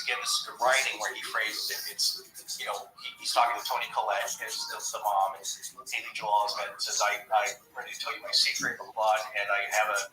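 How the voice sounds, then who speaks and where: A man's voice: mid-range voice, sharp tone, roomy sound, far from the mic, a little hiss or hum, rough recording. A man talking casually on a podcast, rambling and acting out quoted lines as he goes. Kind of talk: casual chat about movies and the paranormal.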